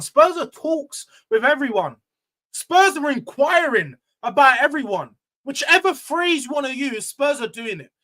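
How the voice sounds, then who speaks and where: A high, bright-toned man hosts a casual football live stream. He is loud and emotional, going off on a rant before bringing the tone back down. His delivery stays animated and conversational. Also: low-quality recording. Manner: loud, emotional and animated, ranting then calming down. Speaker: livestream host.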